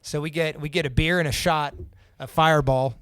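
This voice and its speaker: A man's voice: on the high side, fairly even intonation, a little fast, a bit bright, clear, resonant tone, dry recording, studio quality. A young man from Central Indiana, a podcast guest casually telling a personal story, swearing freely and acting out what others said. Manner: casual and profane, acts out the quoted lines.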